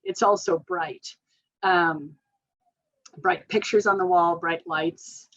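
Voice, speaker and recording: A woman's voice: fairly low pitch, fairly even intonation, slow. Chatty woman therapist, lo-fi. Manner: chatty, informal, many fillers, laughs often. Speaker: occupational therapist. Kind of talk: parent training presentation.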